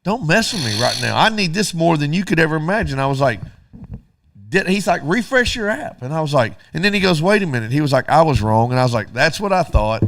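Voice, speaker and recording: Man telling a lively story. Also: fairly high pitch, quick pace, no room sound. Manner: animated, acts out both sides of dialogue. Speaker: radio show co-host. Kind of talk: casual storytelling chat.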